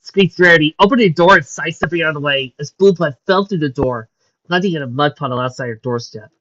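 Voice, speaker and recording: A woman reading a fan story aloud, narrating quietly and quickly between the characters' lines. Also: low voice. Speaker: fan fiction reader. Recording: dull lo-fi recording.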